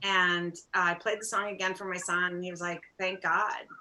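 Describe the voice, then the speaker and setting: A middle-aged woman with a bright, ringing voice tells stories in a relaxed interview. She talks as a singer-songwriter guest, animated and self-deprecating. She acts out bits of dialogue. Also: lowish voice, brisk, a little hiss or hum, rough recording. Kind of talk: storytelling in a casual interview.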